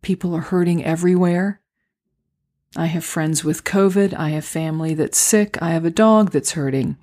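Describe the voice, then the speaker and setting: A woman hosting a solo podcast, talking through acting auditions in a gentle, encouraging, unhurried way. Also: fairly low pitch. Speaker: podcast host and acting coach. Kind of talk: reflective solo podcast talk. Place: home, recorded near a street.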